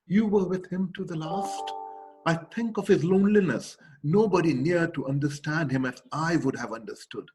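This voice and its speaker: Man reading a mournful young woman, pleading, halting, slightly raised pitch. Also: music in the background, natural voice. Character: grieving young woman mourning her dead fiancé. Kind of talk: reading a novel passage aloud.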